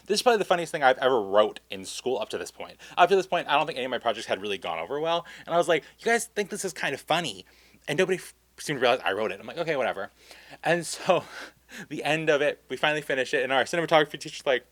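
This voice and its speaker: A campy young man telling a casual storytime vlog, animated and full of asides and laughs. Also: medium pitch, fast talker, dry recording. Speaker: vlogger.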